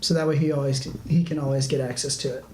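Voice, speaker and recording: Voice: mid-range voice, fairly even intonation, fast, a little mellow. Casual, meandering game master narration; roomy room echo, faint noise underneath. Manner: loose, rambling narration with frequent restarts and "like".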